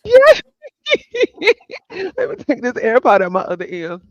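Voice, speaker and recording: A woman's voice: mid-range voice, sing-song, fast, no echo, muffled recording. A woman hosting a casual livestream chat, talking to viewers by name and laughing often. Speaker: livestream host.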